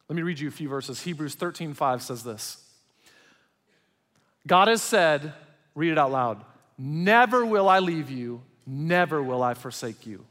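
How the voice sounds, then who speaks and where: A man preaching a sermon as pastor, swinging between loud emphatic passages and quiet, intimate ones. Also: fairly high pitch. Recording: long hall reverb.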